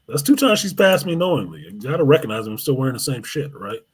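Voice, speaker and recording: A man hosting a live show, telling a long, profane story in an animated way. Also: medium pitch, fast, few pauses, husky. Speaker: host.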